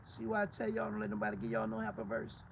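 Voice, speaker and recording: A man's voice: on the low side, sing-song, fast talker, gravelly, slight background noise, rough recording. A male pastor preaching a fiery, combative sermon, swearing freely and firing off rhetorical questions again and again.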